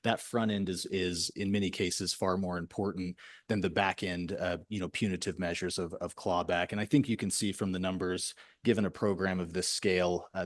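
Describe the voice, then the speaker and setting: A man with a very low, deep voice testifies before a legislative committee as a state health director. He speaks in a measured, bureaucratic way, padding his answers with frequent fillers. The sound is dry and close, with no room echo.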